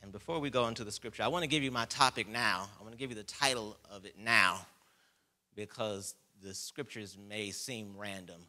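A pastor with a fairly low pitch and sharp tone preaches a sermon, reading scripture with slow emphasis. He calls on the congregation to repeat words after him.

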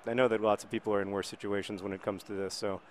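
There's a little hiss or hum on this recording of a man in his thirties whose low voice comes out rapid-fire. Tired and recovering from being ill, he offers loose, wry game commentary punctuated by bursts of excited shouting.

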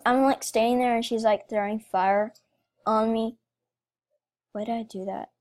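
A gaming video creator provides let's play commentary, speaking emotionally to her viewers as she plays. Her voice is slightly high and a little mellow, with a steady tone and measured pace.

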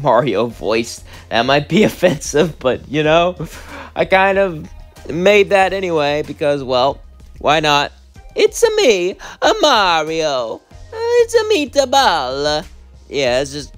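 A young man narrating a fan story for his channel in a loose, chatty way. His voice is mid-pitched and lively, and he rambles with small giggles. Quiet music plays behind him. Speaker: channel host.

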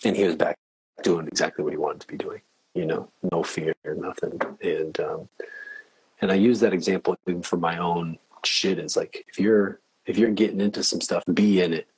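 Male interview guest, deep and raspy, thoughtful and candid, chuckles often. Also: steady tone, normal speed, no room sound, poor audio. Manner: earnest, reflective, laughs easily. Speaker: podcast guest. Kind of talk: casual interview chat.

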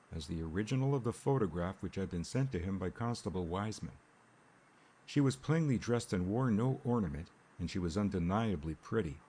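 A man narrating an audiobook in a measured, unhurried reading. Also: low voice, darkish tone, a little hiss or hum.

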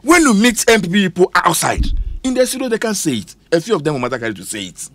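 A man's voice: high-pitched, sing-song, quick pace, dry recording. A man with a Ghanaian accent speaking emphatically on a radio panel, switching between English and Twi. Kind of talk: heated radio panel discussion. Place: radio studio.

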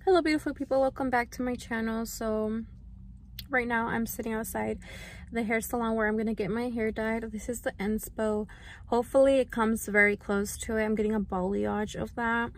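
A young woman chats to her vlog camera in a bright, upbeat way. Her voice sits a little high and slides often into vocal fry. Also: fairly even intonation, moderate pace. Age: young adult. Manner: upbeat and chatty. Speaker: vlogger.

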